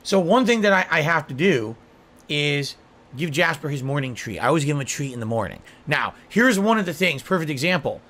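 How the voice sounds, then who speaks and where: A man's voice: on the high side, big pitch swings, fairly quick, a bit bright. A man telling a rambling, repetitive story in a self-pitying way, played back from a clip.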